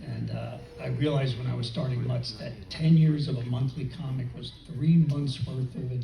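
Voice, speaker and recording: Gravelly man laughing easily on a panel. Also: medium pitch, steady tone, normal speed. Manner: easygoing, laughs often. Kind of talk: convention panel conversation. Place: convention hall panel stage. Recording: roomy, distant, audible crowd noise.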